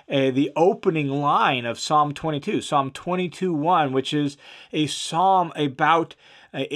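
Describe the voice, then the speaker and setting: A man's voice: fairly high pitch, a bit bright. Man teaching verse by verse. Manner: reads verses then explains them, with frequent "uh" fillers; emphatic, repeats key phrases for stress. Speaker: Bible teacher.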